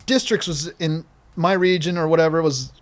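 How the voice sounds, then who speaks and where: A man in his forties from Minnesota, a podcast guest telling stories in an animated, excitable way, repeating himself and acting out scenes. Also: fairly high pitch, normal speed. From Minnesota, USA. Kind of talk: animated storytelling in casual conversation.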